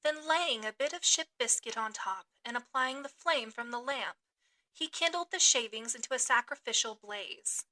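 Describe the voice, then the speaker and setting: High, bright woman reading a classic aloud. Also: moderate pace. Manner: expressive dramatic reading. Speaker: podcast host.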